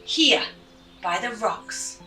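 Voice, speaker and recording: A woman voicing a small, clever, cheerful mouse with bright, emphatic storybook delivery. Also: mid-range voice, animated, very slow, soft background music, full character voice. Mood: bold. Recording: roomy, slightly distant mic.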